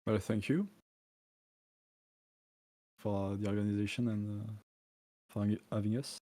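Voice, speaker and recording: A man chatting on a stream, soft-spoken and hesitant with many fillers. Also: fairly low pitch, fairly even intonation, measured pace, no room sound. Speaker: player. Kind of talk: casual stream chat.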